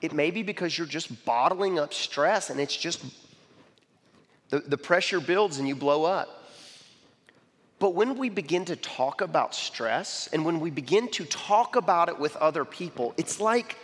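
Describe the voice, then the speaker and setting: A man giving a sermon-style talk with personal stories, animated, often asking "okay?" and restarting his sentences. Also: a little high, a little slow, big-room sound. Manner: animated, repeats "okay?" and "I mean", frequent restarts.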